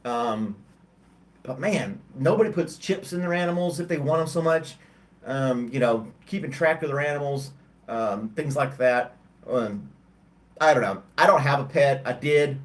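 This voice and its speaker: A man's voice: mid-range voice, measured pace. Tired, rambling man chatting on a stream. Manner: rambling and hesitant, many ums and restarts. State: tired, yawning. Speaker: host of a livestream chat show. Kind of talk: casual chat with live chat viewers.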